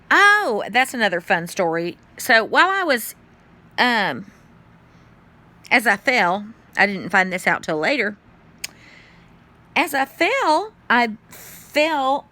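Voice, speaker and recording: A middle-aged woman, chatting casually to camera at home in a rambling way, with sudden high exclamations. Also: pushed and bright. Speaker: vlogger. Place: at home indoors.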